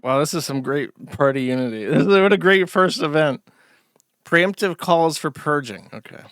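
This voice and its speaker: A man's voice: fairly high pitch, expressive, normal speed, noisy background. A man giving casual, sarcastic reaction commentary as a streamer. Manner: sarcastic, mocking asides.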